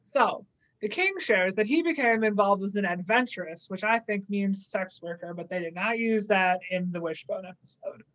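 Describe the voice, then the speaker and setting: A young woman retells a story in an easy, chatty way, tossing in playful asides as she goes. Her voice sits at a middle pitch, and her talk is casual and lively. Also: moderate pace, low-quality recording. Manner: chatty, animated recapping with playful quoted asides. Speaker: podcast co-host. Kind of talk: casual chat, retelling an episode.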